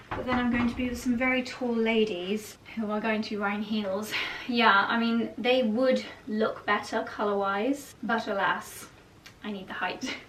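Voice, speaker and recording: A woman's voice: a little high, recorded from a distance, a little hiss or hum. A young woman vlogging about fashion, chatty and giggly, thinking aloud while she tries on clothes at home. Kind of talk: casual vlog chat. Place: room at home, trying on clothes. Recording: echoey room, voice from off-mic.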